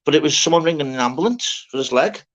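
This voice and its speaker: A man's voice: a little high, lively intonation, quick pace, fairly bright tone, dull audio. A man from Scotland telling a rambling, swear-filled party story in casual chat, repeating "lad" as he goes.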